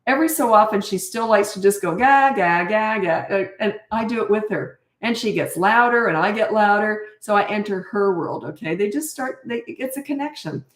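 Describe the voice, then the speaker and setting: A woman's voice: mid-range voice, expressive, fairly quick, few pauses. An older Canadian-raised woman hosts a casual live parenting Q&A, talking bluntly and chattily with frequent laughs. Her voice sits in a middle range. The sound carries a roomy echo. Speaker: parenting coach.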